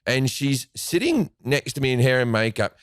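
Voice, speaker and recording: A man's voice: mid-range voice, big pitch swings, moderate pace, dry recording, studio quality. Profane man telling stories. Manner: profane storyteller, restarts phrases, acts out quoted voices. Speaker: podcast guest, comedian. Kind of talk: casual chat, anecdote telling.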